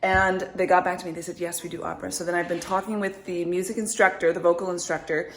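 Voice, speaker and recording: A woman's voice: lowish voice, flat delivery, quick pace, a little hiss or hum. A woman in her thirties chatting casually to her viewers in a vlog, upbeat and rambling, with lots of likes and ums. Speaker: vlogger, mother.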